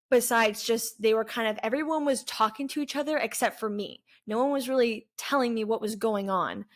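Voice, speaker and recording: A woman in her twenties, a vlogger, candidly recounting a personal story in an earnest, halting way with pauses. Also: on the high side. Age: 20s.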